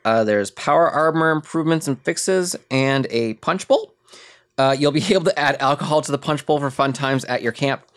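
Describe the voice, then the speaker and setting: A podcast host casually running through gaming news items in a relaxed way. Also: medium pitch, moderate pace.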